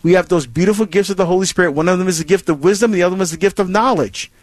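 A man's voice: high voice, rapid-fire, no echo. A man hosting a Catholic call-in radio show, talking earnestly about faith with many restarts and repetitions. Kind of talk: call-in radio talk on scripture.

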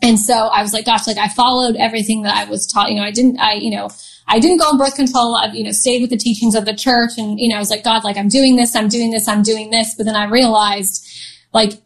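A woman's voice: a little high, steady tone, quick pace, rough recording. A woman in her thirties telling a personal story in a casual interview, chatty, laughing often, with lots of fillers and restarts. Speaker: guest.

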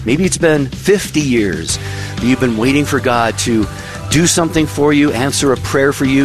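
A man hosting a call-in radio show, talking earnestly and encouragingly with callers. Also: mid-range voice. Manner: earnest, encouraging, repeats phone number slowly.

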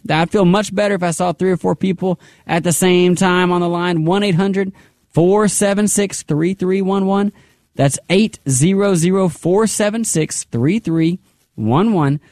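A man with a fairly high voice hosts a radio pledge drive in an upbeat way. He prays aloud between appeals and keeps repeating the phone number. The studio sound is dry and close. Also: normal speed, a little mellow, no echo. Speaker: radio fundraiser host.

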